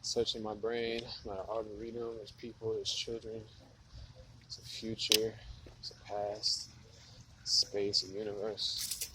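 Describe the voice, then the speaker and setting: A man's voice: on the low side, monotone, slow, very noisy. A man rambling in a stream-of-consciousness monologue, musing and swearing, with lots of filler words. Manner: profane, musing, heavy on filler "like". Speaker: vlogger. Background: running water.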